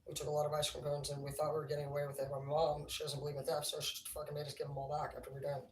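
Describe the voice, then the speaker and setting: A woman's voice: low-pitched, very fast, echoey room, slight background noise. Woman, casual livestream storyteller, swearing and laughing, distant mic, faint background ambience. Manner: profane, laughing, animated.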